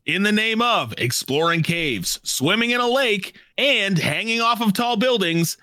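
A man co-hosting a podcast with a raised pitch and a playful, joking manner that slips into swearing. His voice sounds tense and bright, recorded close and completely dry. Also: expressive, unhurried, dry recording. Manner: playful and jokey, swears casually. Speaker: podcast co-host. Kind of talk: casual chat.

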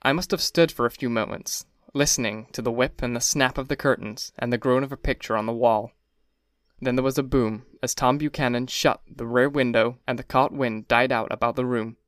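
A man giving a measured, even first-person reading of a classic novel. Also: medium pitch, dry recording, clean studio sound. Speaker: audiobook narrator. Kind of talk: scripted first-person narration.

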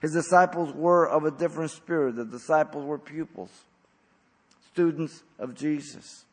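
A man preaching an expository sermon as pastor, blunt and emphatic, with sudden loud stresses. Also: on the high side, steady tone, moderate pace, in a large hall.

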